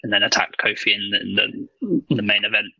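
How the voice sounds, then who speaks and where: Male podcast co-host, gravelly, rambling, swears freely, lots of ums. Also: on the low side, steady tone, fast talker, bright, forceful tone, no room sound, dull audio. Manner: rambling, swears casually, frequent ums and laughs. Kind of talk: casual chat.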